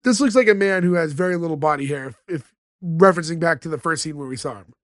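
A man's voice: on the high side, fast, dry recording, clean studio sound. A man co-hosting a podcast in casual chat, retelling scenes and acting out quoted lines. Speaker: podcast co-host.

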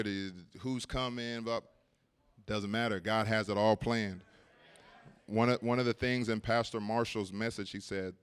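A man's voice: on the low side, clean tone. A man preaching at a church service, telling a personal story in a casual way, laughing often and repeating words as he goes.

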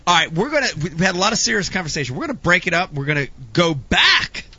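Excitable guy hosting a chat show, super bright lively voice, muffled sound. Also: high voice, quick pace, a little hiss or hum. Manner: excitable, exclaims often. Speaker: show host. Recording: muffled lo-fi recording.

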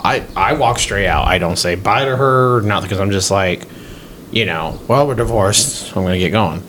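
This podcast co-host speaks at a normal speed in a fairly low male voice, over a slight hum or hiss. Chatting casually, he spins animated stories and performs what others said.

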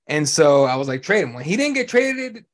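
A male podcast host ranting about sports in loose, casual chat. He talks bluntly and swears freely, with a voice sitting a little higher than most men's. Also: moderate pace. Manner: blunt, profane, animated ranting.

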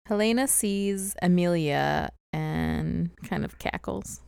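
Woman, lowish voice, podcast co-host, casual recap chat, giggly, dry close recording. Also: unhurried, no echo. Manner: giggly, laughs often while recapping.

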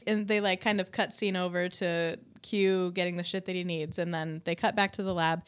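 A woman's voice: on the low side, fairly even intonation, moderate pace, clear, resonant tone. A woman co-hosting a podcast, chatting casually about an episode and quoting her own reactions. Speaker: podcast co-host. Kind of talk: casual chat recapping an episode.

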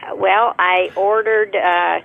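A woman's voice: mid-range voice, steady tone, slow pace, gravelly. A woman on a phone call, confused and repeatedly mishearing names. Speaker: prank call target. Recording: tinny phone line.

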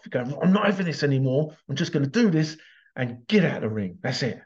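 A man's voice: medium pitch, very animated, quick pace, a little mellow, dull audio. A man telling a story as a parent in a casual motivational talk, acting out the voices of the people in it. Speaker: parent giving life advice.

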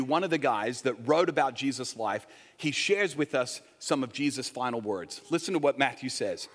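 A man's voice: mid-range voice, fairly bright tone, long reverb tail. A man preaching a sermon as pastor, teaching in a conversational way and joking with the congregation. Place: church sanctuary.

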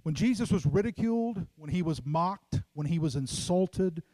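A man's voice: fairly high pitch, expressive, normal speed, mellow, no echo. A middle-aged man preaching a sermon as pastor, emphatic and repetitive, often addressing the congregation as folks.

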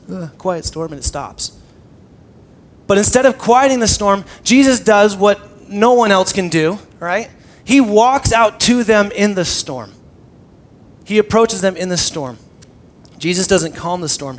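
A young man preaching a sermon conversationally, swinging between loud emphasis and hushed, intimate tones. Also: high-pitched. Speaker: pastor.

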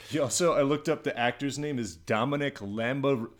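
A man's voice: mid-range voice, normal speed. A man in casual, joking conversation, rambling with lots of fillers and breaking into silly impressions. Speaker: podcast co-host. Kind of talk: casual comedic chat.

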